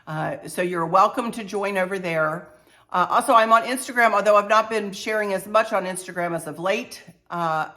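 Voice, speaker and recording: An older woman with a head cold, talking to camera about her home decor channel in an unhurried, heartfelt, chatty way. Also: on the low side, fairly bright tone. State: stuffy-nosed with a cold. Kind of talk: casual heartfelt talk to camera.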